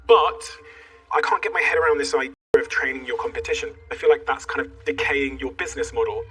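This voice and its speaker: A man investor giving a direct, reasoned verdict on a business pitch. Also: fairly bright tone, husky. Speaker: investor on a panel. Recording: distant mic with faint music.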